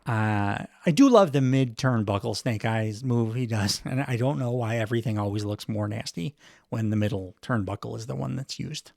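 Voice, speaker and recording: A man's voice: mid-range voice, normal speed, vocal fry, darkish tone, no room sound, clean studio sound. A middle-aged man hosting a podcast, giving a casual, wry wrestling recap full of fillers and chuckles. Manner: rambling, wry, chuckles often, many fillers. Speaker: podcast host.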